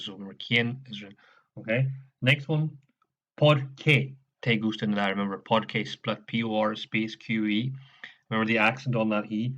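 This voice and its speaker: A man's voice: medium pitch, fairly bright tone, highs cut off. A man with an Irish accent teaching a recorded lesson, patiently explaining step by step and often checking in with "okay?".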